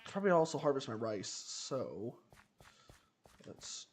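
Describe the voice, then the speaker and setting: A man's voice: medium pitch, very animated, slow pace. A man streaming a game, rambling to himself as he plays and trailing off mid-word. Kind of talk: casual gameplay commentary. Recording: noisy game stream audio.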